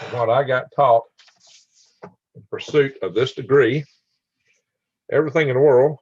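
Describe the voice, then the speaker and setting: A man's voice: mid-range voice, creaky, a little mellow, slightly rough, no echo, muffled recording. An older man hosting a casual livestream, rambling and laughing as he answers viewers' comments by name. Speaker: channel host reading live chat.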